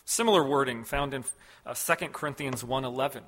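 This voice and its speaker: A man preaching a sermon as a pastor, measured and emphatic, with loud stressed words and sudden soft drops. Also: medium pitch.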